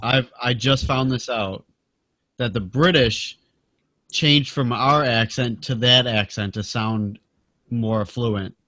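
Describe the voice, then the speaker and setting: A man's voice: mid-range voice, fairly even intonation, slow, pushed and bright, no room sound. A man co-hosting a casual talk show, blunt and argumentative. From United States. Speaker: podcast co-host. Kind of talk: casual chat.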